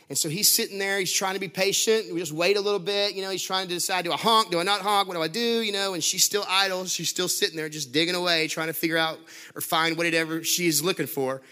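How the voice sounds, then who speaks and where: A man's voice: on the high side, quick pace. A man preaching a sermon, telling a story with lots of laughs, fillers and restarts. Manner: animated, laughing often, many restarts and fillers.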